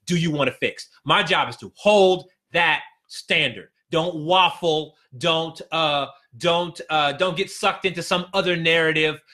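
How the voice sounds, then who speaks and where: A man's voice: fairly high pitch, unhurried, few pauses, bright, forceful tone. A man coaching business owners on a live stream, talking emphatically and repeating his key phrases with many restarts. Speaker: business consultant.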